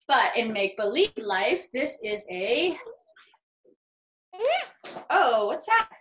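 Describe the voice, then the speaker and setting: A woman's voice: a little high, sing-song, slow, fairly bright tone, slight background noise. A young woman leading a drama workshop for kids from home, upbeat and encouraging. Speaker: acting teacher. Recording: echoey home room.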